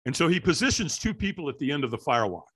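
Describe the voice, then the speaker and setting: A middle-aged man, a guest in an interview, telling a story with energy and acting out the voices and shouts of the people in it. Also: a little high, racing, slightly rough. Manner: lively, acts out quoted voices and shouts. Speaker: interview guest, firewalk instructor.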